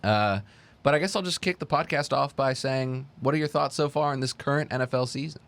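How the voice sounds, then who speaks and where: A young man with a mid-pitched voice hosting a sports podcast. He chats in a loose, relaxed way, cursing casually and leaning on fillers. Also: brisk, vocal fry. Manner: relaxed, swears freely, many fillers. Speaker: podcast host.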